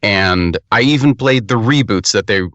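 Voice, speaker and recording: Man, podcast co-host, casual game review, rambling and profane, bright tone, dry close mic. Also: on the low side, normal speed, dry recording, lo-fi sound. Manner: rambling, profane, restarts often.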